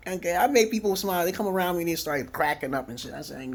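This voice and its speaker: A man from Brooklyn delivering a comedic rambling monologue, profane and giggly, jumping into loud high squeals. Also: lively intonation, quick pace, slight background noise. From Brooklyn, New York, USA. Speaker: vlogger.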